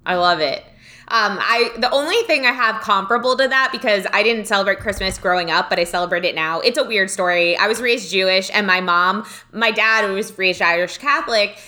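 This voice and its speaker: A bright, forceful-sounding woman co-hosting a casual podcast. She tells stories in a chatty, lively way and laughs often as she talks. Her pitch sits in the middle range for a woman. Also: fairly quick. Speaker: podcast co-host. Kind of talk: casual chat.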